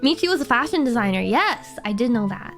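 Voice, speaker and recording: Young woman streamer, chatty and giggly, slightly high voice over faint background music. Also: big pitch swings, brisk. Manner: chatty and giggly, heavy on fillers. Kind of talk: casual chat with viewers.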